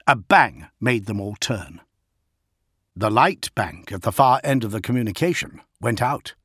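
A man narrating an audiobook in a low, steady, grave voice. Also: measured pace, breathy edge, no echo, studio quality. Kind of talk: dramatic scripted narration.

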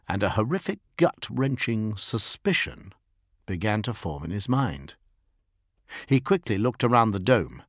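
A man giving dramatic scripted narration of an audiobook in a measured, grave way. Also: lowish voice, a bit bright, dry recording, studio quality.

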